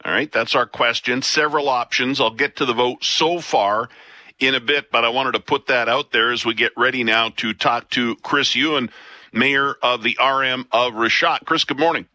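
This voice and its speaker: Bright-voiced male radio talk host. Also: mid-range voice, steady tone, moderate pace, no room sound. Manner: conversational, thinks aloud with restarts. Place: radio studio. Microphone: studio mic.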